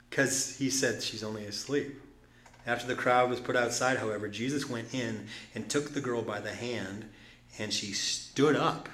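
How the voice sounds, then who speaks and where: A man preaching a sermon as pastor, moving between loud exclamations and quiet asides. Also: medium pitch. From Detroit. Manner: animated, swings from loud exclamations to soft asides. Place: church sanctuary. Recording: echoey room.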